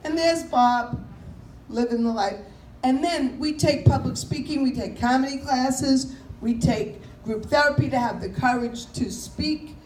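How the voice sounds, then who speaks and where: A woman's voice: sits high, a little slow, a little mellow. A woman comedian doing a chatty stand-up set, telling stories and mimicking voices and subway announcements. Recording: echoey room with faint noise.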